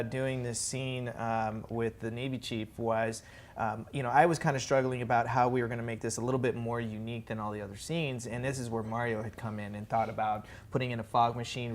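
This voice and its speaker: A man, the show's director, talking casually with many fillers and restarts. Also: medium pitch. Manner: rambling, animated anecdote teller with many fillers. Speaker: series creator and director. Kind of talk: casual storytelling commentary.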